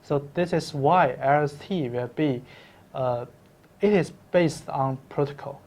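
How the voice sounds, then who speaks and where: Halting man answering interview questions. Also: a little high, a little mellow. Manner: halting, with many fillers and restarts. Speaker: company co-founder guest.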